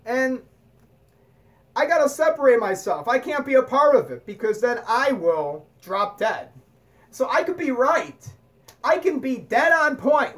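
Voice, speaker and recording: Woman, blunt profane monologue, animated preaching, fairly high voice. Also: a little slow. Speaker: spiritual talk host.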